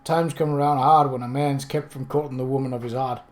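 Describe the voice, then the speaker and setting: A man's voice: mid-range voice, steady tone, brisk, lightly acted. A man voicing a shy, lovesick young manservant who speaks deferentially and glumly. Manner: deferential, glum.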